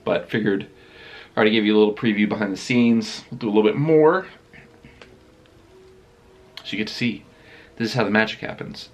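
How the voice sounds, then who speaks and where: A man's voice: fairly low pitch, slight background noise. A man chatting casually as a vlogger in a rambling, self-deprecating way. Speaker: vlogger and live streamer. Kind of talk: casual vlog chat.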